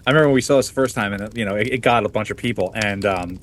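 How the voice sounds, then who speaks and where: Podcast host, man in his forties, relaxed storyteller who backs up his co-host. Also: fairly low pitch, very fast, a little hiss or hum. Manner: relaxed, laughing storyteller with frequent "yep" backchannel. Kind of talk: casual chat.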